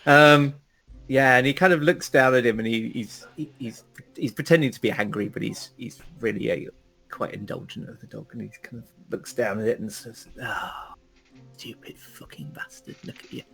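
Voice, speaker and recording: A man's voice: medium pitch, normal speed, creaky, fairly bright tone, soft background music. A man describing his character's actions in a tabletop game, rambling with many fillers. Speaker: player.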